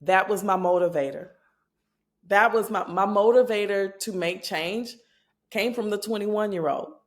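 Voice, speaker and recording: A woman's voice: mid-range voice, measured pace. A woman in her forties, a podcast guest telling personal stories frankly and reflectively. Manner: reflective storyteller, speaks frankly. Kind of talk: casual podcast conversation.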